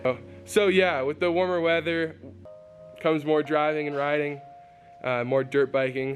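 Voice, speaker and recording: Young man rambling through a DIY vlog. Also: mid-range voice. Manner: relaxed, rambling, many fillers. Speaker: DIY vlogger. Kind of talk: casual vlog narration.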